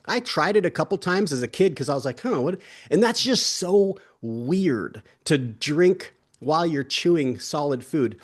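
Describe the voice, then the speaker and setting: A man's voice: medium pitch, a little mellow. A young adult man co-hosting an online wellness summit, chatting in an easygoing, joking way with lots of restarts and asides. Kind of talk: casual conversational chat.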